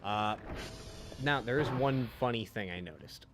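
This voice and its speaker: A man's voice: lowish voice, expressive, unhurried, noisy background. A man streaming a game, chatting casually with lots of fillers and swearing. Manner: rambling, profane, frequent fillers. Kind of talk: casual chat while streaming.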